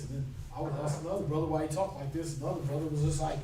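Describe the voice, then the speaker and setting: High-voiced man preaching in an echoey room. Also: expressive, quick pace, noisy background. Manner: conversational, asks the class "right?" often. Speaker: teacher leading a scripture class. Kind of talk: informal sermon teaching. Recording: echoey room recorded from far off.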